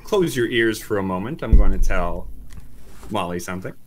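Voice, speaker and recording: A man narrating as game master of a tabletop game, relaxed and halting. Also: fairly low pitch, background noise.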